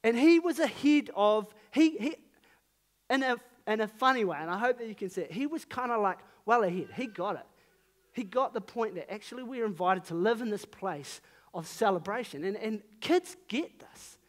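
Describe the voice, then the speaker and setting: High-voiced New Zealand man preaching. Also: animated, normal speed. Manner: earnest, conversational, emphatic rises on key phrases. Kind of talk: sermon.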